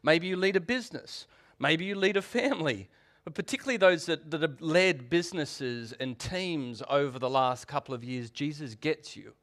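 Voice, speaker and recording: A man, preaching a sermon in a conversational, animated way. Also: fairly high pitch, normal speed. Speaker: pastor.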